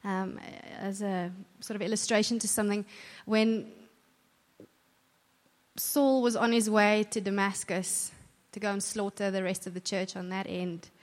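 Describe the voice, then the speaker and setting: Woman speaking at church, earnest and chatty, mid pitch, long hall echo. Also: level tone, measured pace. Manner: earnest, warm conversational preaching with self-corrections. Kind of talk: church talk.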